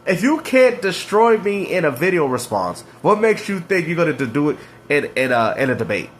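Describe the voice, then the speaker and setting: High pitched guy ranting bout games, super lively swings, trash talkin. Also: moderate pace, a little hiss or hum. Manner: mocking, slangy trash talk with laughs. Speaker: gaming commentator. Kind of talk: reacting to clips, ranting.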